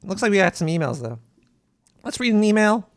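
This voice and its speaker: A man hosts a comedic call-in radio show in the role of a paranoid cartoon rat, speaking fairly quickly in a high, sing-song voice. Recorded in studio quality with no echo, he rambles and stammers, restarting as he reads emails.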